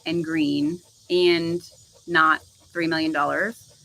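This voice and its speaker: A woman's voice: deep voice, level tone, slow, vocal fry, sharp tone, a little hiss or hum, poor audio. A woman co-hosting a casual live chat, chatty and rambling with frequent laughs. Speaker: co-host.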